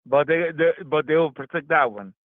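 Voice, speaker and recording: A man's voice: a little high, animated, normal speed, no room sound. A man in his forties in a casual heated debate, stammering, repeating words and laughing often. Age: 40s. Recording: tinny phone-like call audio.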